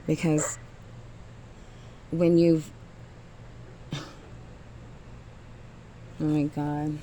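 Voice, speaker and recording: A woman's voice: low voice, flat delivery, very slow, dark tone, a little hiss or hum. A woman giving a blunt, profane motivational rant to single mothers, emphatic and often trailing off with sighs.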